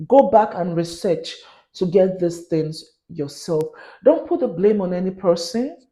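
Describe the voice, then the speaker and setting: A woman speaks earnestly to her viewers, pressing her warnings home. Her voice sits a little low and has a mellow, warm tone. The room around her rings with a noticeable echo. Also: expressive, a little slow. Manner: earnest, warning, switches into pidgin. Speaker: vlogger. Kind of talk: advisory vlog to camera.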